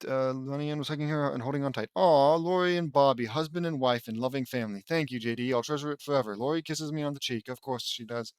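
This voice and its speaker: A man's voice: medium pitch, fast, hardly any pauses, clear, resonant tone, no echo, studio quality. A man reading fan fiction aloud, breaking off for sarcastic, complaining asides. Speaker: audiobook reader.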